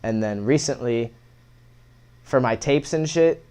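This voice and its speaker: A young man chats casually as a guest on an interview podcast. He tells his stories in loose slang, swears often, and acts out old conversations with lively energy. His voice sits at a middle pitch. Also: measured pace, clear, resonant tone. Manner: laid-back slangy storytelling, swearing, animated retellings. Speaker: guest musician.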